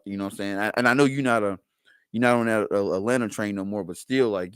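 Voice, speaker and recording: A man joins a casual sports podcast over a remote call, speaking at an ordinary pitch. The sound is dry and close, and he rambles and swears as he talks. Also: fast talker, clean tone, dry recording, rough recording. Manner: animated, rambling, profane. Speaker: podcast co-host.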